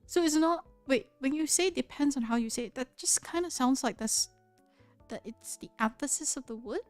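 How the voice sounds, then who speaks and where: Chatty Malaysian woman streamer, higher voice. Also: moderate pace, a little mellow, faint music behind. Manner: curious, chatty, laughs often, many restarts. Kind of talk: casual livestream chat with viewers. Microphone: close studio mic.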